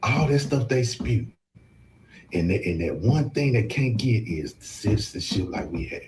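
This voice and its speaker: A man on a panel podcast making emphatic, repetitive points, slowing down to stress them. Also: lowish voice, animated, background noise. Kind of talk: casual political discussion.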